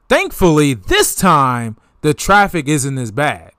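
Slow-talking trash-talking sports host, man. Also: on the high side, clear, resonant tone, no echo, clean studio sound. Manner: trash-talking, animated, laughs at rivals. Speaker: sports talk show host. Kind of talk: casual sports talk.

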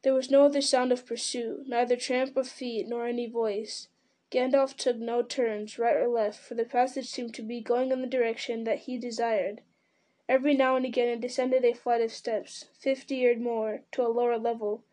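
A woman's voice: fairly high pitch, flat delivery, normal speed, warm tone. A woman reading a fantasy novel aloud in dramatic storytelling style, with occasional slips and restarts. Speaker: reader.

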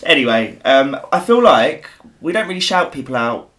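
A man's voice: medium pitch, sing-song, moderate pace, fairly bright tone. A man, co-hosting a podcast in casual, sweary, rambling chat. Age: 30s. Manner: sweary, rambling and self-mocking. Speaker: podcast co-host.

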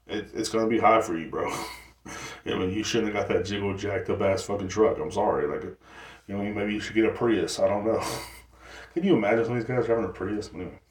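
Male podcast host, lowish voice, loose profane rambling delivery, roomy echo. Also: brisk. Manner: rambling, profane, filler-heavy. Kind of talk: casual solo podcast rant.

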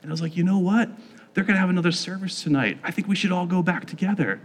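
A man's voice: sits high, quick pace. A man recounting a personal experience in a casual, conversational way, filling his speech with "like" and acting out what people said. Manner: casual, heavy use of "like", acts out quoted voices. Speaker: storyteller. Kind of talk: personal testimony.

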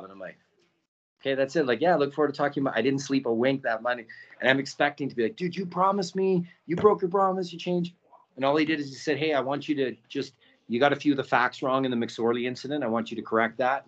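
A man talking as a podcast guest and documentary producer, telling stories in a casual, animated way and acting out quotes, with many "right?" tags. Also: medium pitch. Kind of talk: casual storytelling. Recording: dull lo-fi audio.

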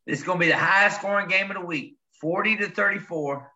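A man's voice: sits high, fast talker, pushed and bright, dull audio. A man hosting a sports podcast, boastfully rambling through his game predictions in casual banter. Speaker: podcast host.

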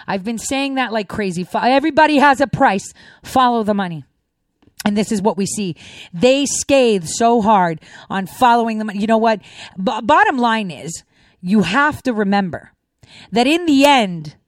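A woman's voice: fairly high pitch, expressive, moderate pace, no echo. Indignant woman ranting, dry close sound. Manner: indignant, ranting, rhetorical questions. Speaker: political commentator. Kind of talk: opinionated monologue.

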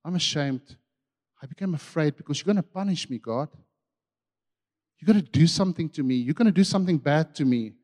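A man preaching who voices an ashamed, frightened man confessing in a low, quiet voice. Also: lively intonation, a little fast, pauses often, big-room sound. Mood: fearful.

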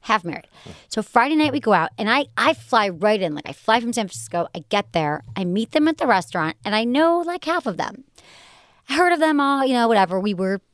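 A woman hosting a podcast, telling a story in casual, animated chat. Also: fairly high pitch, fairly quick, no echo, studio quality. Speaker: podcast host.

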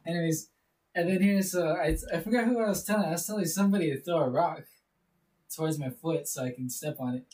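A man's voice: on the high side, fast, a little mellow. A man asking his friends questions in a casual chat, rambling with many fillers. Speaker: question asker. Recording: distant mic.

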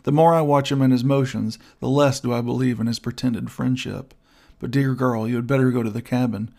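A man's voice: medium pitch, steady tone, fairly quick, gravelly, darkish tone. A man reading the lines of a protective, cautious young male artist in a storybook. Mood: wary.

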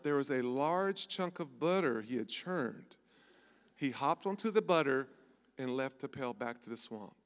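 Brief: male pastor, slightly high voice, casual jokey preaching, long reverb of a big church hall. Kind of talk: sermon. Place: large church auditorium.

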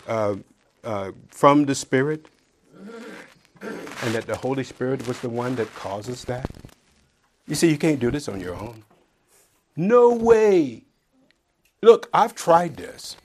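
A man delivers a sermon in a slightly raised voice that rises and falls dramatically. He reads scripture slowly and deliberately, then drops to quiet, near-mumbled asides. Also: on the high side. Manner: lively, swings between loud emphatic peaks and quiet near-mumbled asides. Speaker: preacher.

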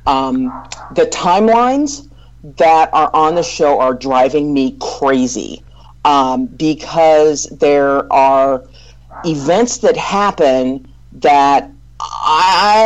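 Slow, hesitant woman weighing her opinions. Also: extremely low pitch, darkish tone, lo-fi sound. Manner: slow, hesitant, many ums and restarts. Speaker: podcast co-host. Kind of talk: casual discussion.

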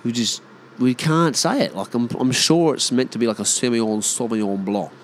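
A man's voice: medium pitch, animated, fairly quick, slight background noise. A man in his thirties with an Australian accent, rambling casually on his own and swearing freely. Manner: swears freely, mimics mates in exaggerated voices. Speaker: vlogger.

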